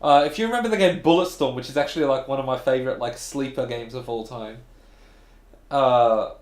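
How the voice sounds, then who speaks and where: A man co-hosting a gaming podcast, telling stories in an animated, casual way with some swearing. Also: medium pitch. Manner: animated storytelling, swearing, quick asides. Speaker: podcast co-host. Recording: echoey room.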